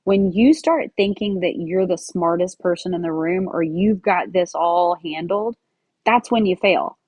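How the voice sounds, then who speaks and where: A woman's voice: lowish voice, a little slow, a little mellow, dry recording. A woman in her forties from the United States, hosting a podcast and telling a story in a casual, chatty way, full of "like" and "um", acting out bits of dialogue. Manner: chatty, lots of "like" and "um", acts out quoted dialogue. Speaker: podcast host.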